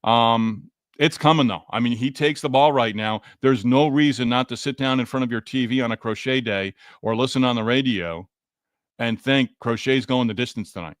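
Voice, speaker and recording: A man's voice: medium pitch, moderate pace, no echo, clean studio sound. A man hosting a casual post-game sports podcast, chatting and greeting listeners by name as he reads their comments. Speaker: podcast host. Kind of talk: casual post-game sports talk reading live chat.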